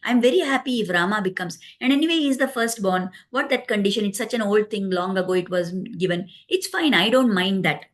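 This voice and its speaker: A woman voicing a gentle young queen who brushes off worries with light reassurance. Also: medium pitch, a little fast, hardly any pauses, natural voice. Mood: carefree.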